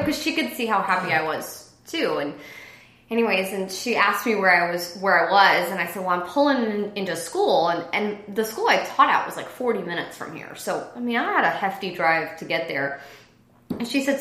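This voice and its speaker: A woman's voice: lowish voice, moderate pace. A woman who used to teach, telling a personal story in a casual interview and acting out the voices of others. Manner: animated, acts out quoted dialogue. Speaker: former teacher, business owner. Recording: echoey room.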